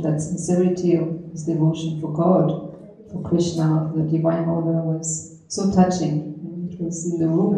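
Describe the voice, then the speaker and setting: A middle-aged woman, a swami and yoga teacher, recalling memories of her teacher with gentle storytelling and frequent soft laughter. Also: sits low. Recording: very echoey room.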